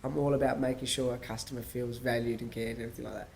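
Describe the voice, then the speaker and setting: A man's voice: medium pitch, flat delivery, racing, creaky, slight background noise. A man hosting a podcast, talking casually in a rambling way, full of fillers and restarts, and acting out dialogue as he tells stories. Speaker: podcast host. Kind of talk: casual monologue.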